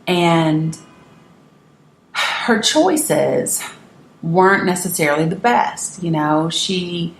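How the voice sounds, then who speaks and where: A woman's voice: fairly low pitch, expressive, very slow, creaky, long pauses, reverberant, a little hiss or hum. A woman from Northeast Tennessee telling a personal family story to camera, candid and emphatic, often restarting her sentences. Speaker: vlogger.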